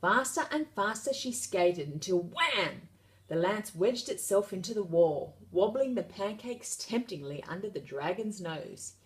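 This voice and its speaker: Expressive woman reading a storybook. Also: medium pitch, unhurried. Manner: lively, expressive. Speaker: children's book reader. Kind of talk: storybook read-aloud narration.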